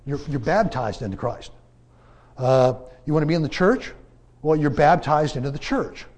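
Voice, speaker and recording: A man delivers a Bible class as casual preaching, leaning on rhetorical questions and swinging his loudness to press each point. His pitch is fairly high, his delivery animated, his pace moderate.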